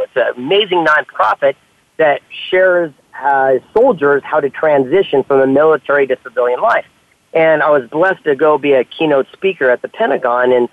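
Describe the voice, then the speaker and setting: A man telling stories in a casual conversation, animated and acting out the dialogue he quotes. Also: a little high, dry recording. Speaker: author and podcast guest. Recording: tinny phone-like line.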